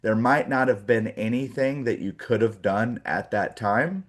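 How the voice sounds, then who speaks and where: A man's voice: medium pitch, a little slow. A man in his forties giving a casual morning training talk to sales agents, full of fillers and acted-out call examples.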